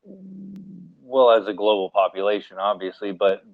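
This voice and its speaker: An American man speaking as a panelist in a casual live discussion, animated and acting out little scenarios as he talks. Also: on the low side, a little slow, no echo. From United States. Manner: animated, acts out mock scenarios, laughs. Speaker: AMA panelist. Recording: tinny phone-like line, dry.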